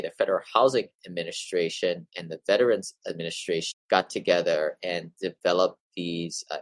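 A man's voice: sits low, no room sound, rough recording. A man hosting a real estate investing show, reading from articles and adding casual opinions, with some stumbles. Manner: reads passages then adds offhand opinions, some stumbles.

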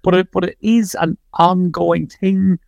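A man's voice: high-pitched, little pitch movement, vocal fry, darkish tone, no echo, muffled recording. Irish man hosting a sports podcast. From Ireland. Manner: measured, conversational, hedging with fillers. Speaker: podcast host.

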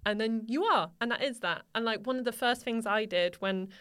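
A woman's voice: on the high side, fairly quick, a bit bright, clear, resonant tone. A woman co-hosting a podcast, telling self-deprecating stories in casual chat with giggles. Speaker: podcast co-host.

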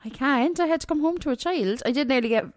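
A woman co-hosting a casual podcast at home, quick with comebacks and quick to laugh. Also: sits high, no room sound. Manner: laughs easily, sparky comebacks. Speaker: podcast co-host. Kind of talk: casual chat.

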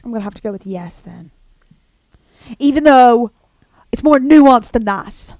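A woman co-hosting a comedy podcast in casual chat. Her voice sits fairly high and sounds dry and close. She rambles, trails off and breaks into giggles. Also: measured pace, a little mellow, no room sound. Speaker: podcast co-host.

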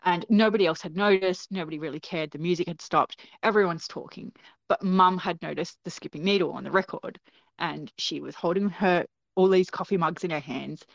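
Woman guest, lower voice, lively storyteller, dull lo-fi sound. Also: fairly quick, vocal fry, no room sound. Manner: animated, acts out quoted voices, laughs often. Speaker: guest telling a personal story. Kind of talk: casual spoken storytelling. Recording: dull, dry lo-fi recording.

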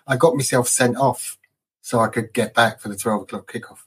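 A man of middle pitch co-hosting a casual football fan podcast. He talks in a loose, chatty way and drifts into anecdotes. His voice sits in an ordinary, unremarkable range. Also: steady tone, fairly quick, slightly rough. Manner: chatty storyteller, laughs at his own anecdotes. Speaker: podcast co-host.

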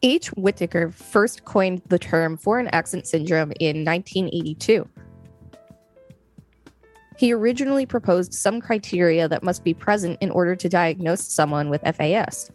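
A woman co-hosting a podcast, reading her part of a scripted explainer in a measured way. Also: lowish voice, soft background music. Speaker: podcast co-host.

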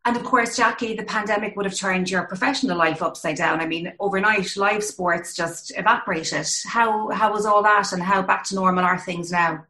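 Bright-voiced woman interviewer. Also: medium pitch, normal speed, hardly any pauses. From Ireland. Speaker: podcast interviewer. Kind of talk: interview questions.

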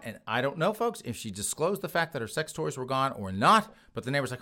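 An animated man hosts a comedy podcast, reading news items and riffing on them. His voice swings widely in pitch, and he keeps calling to his listeners and laughing through his remarks. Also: fast, hardly any pauses. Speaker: podcast host.

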